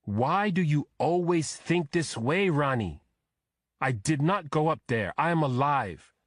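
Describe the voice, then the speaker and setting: A man voicing an exasperated husband who shouts back at his wife, then softens. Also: lowish voice, animated, normal speed, husky, no room sound, studio quality. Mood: indignant. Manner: indignant, shouting.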